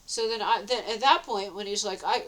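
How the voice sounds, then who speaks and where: A woman's voice: brisk, rough recording. A woman telling a meandering personal story in a casual vlog, laughing often between phrases and correcting herself as she goes. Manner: meandering, with many restarts and self-corrections; rises to a bright, sweet high voice when quoting herself.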